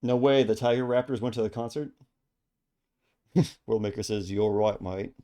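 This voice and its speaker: A man co-hosting a live art stream, chatting casually and excitably, often laughing and saying dude. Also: medium pitch, moderate pace. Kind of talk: casual chat.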